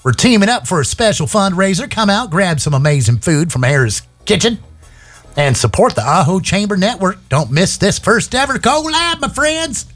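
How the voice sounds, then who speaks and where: A radio host putting on an exaggerated folksy Southern drawl to read a local ad. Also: male voice, high voice, very animated, moderate pace, fairly bright tone, faint music behind, pitched above the performer's own voice, exaggerated voice. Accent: put-on Southern US. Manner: hammy, sing-song, folksy.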